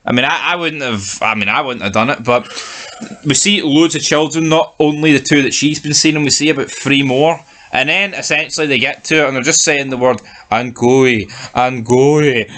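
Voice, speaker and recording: A man co-hosting a casual TV review chat, animated and swearing freely as he rants. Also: medium pitch, brisk. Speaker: TV review podcast co-host.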